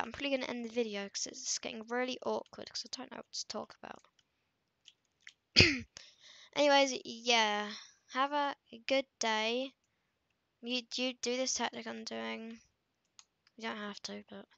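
A woman's voice: fairly high pitch, vocal fry, bright, forceful tone, no room sound. A woman rambling through casual gameplay commentary for her channel, with lots of fillers and self-conscious asides. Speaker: gaming video creator.

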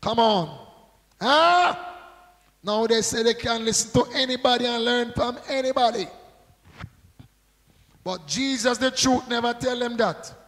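A man's voice: very high-pitched, fairly even intonation, moderate pace, a bit bright, in a large hall, low-quality recording. A male pastor preaching a sermon, drawing out call-and-response with rhetorical questions and prompts to the congregation.

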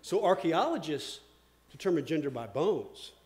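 A man preaching a sermon as pastor. He asks questions, repeats words, and swings from loud emphasis to a hush. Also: fairly high pitch, big pitch swings, normal speed.

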